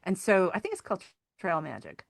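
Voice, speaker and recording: A middle-aged woman, a podcast guest, telling personal stories in an earnest, animated way. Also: on the low side, a little fast, vocal fry, no room sound, studio quality. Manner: earnest, animated storyteller acting out quoted voices. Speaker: podcast guest, sculptor and hiking group founder. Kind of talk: conversational storytelling interview.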